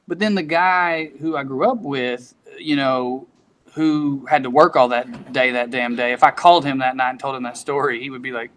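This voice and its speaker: A man's voice: medium pitch, steady tone, normal speed, fairly bright tone. A man in his thirties from East Tennessee with a local accent, chatting candidly as a comedian guest and telling stories in folksy quotes. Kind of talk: casual podcast chat.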